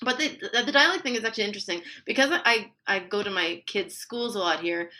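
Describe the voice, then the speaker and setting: Chatty woman with a bright voice. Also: medium pitch, fast talker. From Canada. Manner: chatty, laughs often while explaining. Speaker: linguist guest. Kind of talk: podcast interview.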